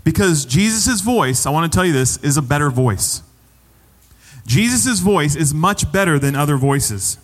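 Pastor preaching in a reverberant hall. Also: male voice, fairly high pitch, big pitch swings, moderate pace. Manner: conversational preaching, repeats phrases for emphasis. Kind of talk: sermon.

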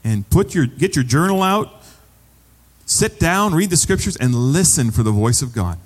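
A man's voice: fairly high pitch, sing-song, normal speed, in a large hall. A man preaching a sermon as pastor, conversational and repeating phrases for emphasis.

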